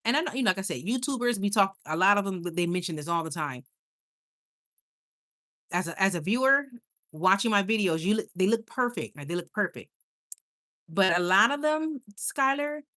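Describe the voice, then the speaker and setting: A chatty woman hosting a late-night livestream, talking straight to viewers and reading out their comments. She laughs a lot and stumbles over her words, with an easy, tired warmth in how she rambles. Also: mid-range voice. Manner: chatty and animated, laughs often, stumbles and restarts.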